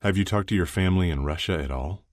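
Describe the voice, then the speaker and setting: A man's voice: sits low, quick pace, dry recording, studio quality, voice pushed up, natural voice. A man doing Shane, a teasing young hockey player. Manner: teasing, laughing easily.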